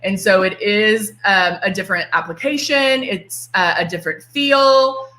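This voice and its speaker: A woman's voice: medium pitch, a little slow, sharp tone. A middle-aged woman with a Texan accent, a makeup artist chatting playfully through a live tutorial. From Texas. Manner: chatty and playful, greets viewers by name. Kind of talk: casual live-stream demonstration. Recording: echoey room.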